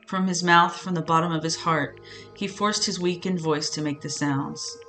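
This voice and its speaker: Young female streamer, let's-play reading, expressive reactions, light music bed. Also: fairly low pitch, normal speed. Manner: playful, emotional reactions. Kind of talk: game let's-play, reading dialogue aloud.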